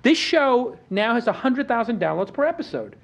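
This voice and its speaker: A man's voice: extremely high pitch, normal speed, vocal fry, muffled recording. A man hosting a casual roundtable talk show, telling stories with boastful energy and acting out what others said. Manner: boastful, animated storytelling with acted-out quotes. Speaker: podcast host.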